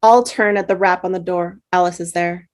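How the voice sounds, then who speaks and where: Woman narrator, plain, even read of the directions. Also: lowish voice, moderate pace. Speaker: stage directions reader.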